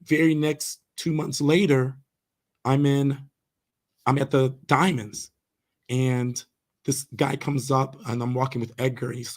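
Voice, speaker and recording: A man's voice: medium pitch, level tone, a little slow. Guy on a podcast telling stories, earnest, lots of ums and restarts. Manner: earnest, hesitant with many fillers and restarts. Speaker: podcast guest, karate instructor. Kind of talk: casual storytelling interview.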